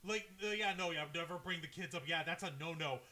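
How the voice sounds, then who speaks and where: A man co-hosting a live wrestling review show, excitable and rambling, reacting loudly to the other host. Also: a little high, quick pace, background noise. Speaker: podcast co-host. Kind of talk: casual wrestling review chat.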